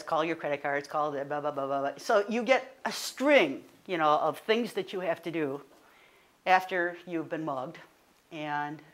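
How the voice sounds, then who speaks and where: A woman, a guest speaker telling a personal story in an animated, conversational way, full of fillers and self-corrections. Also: deep voice. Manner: animated, rising to indignant.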